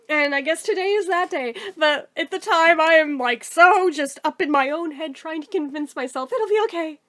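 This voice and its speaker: A woman telling a casual storytime monologue to camera, animated and exasperated, with frequent swearing. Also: high voice, moderate pace, few pauses. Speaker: storytelling YouTuber.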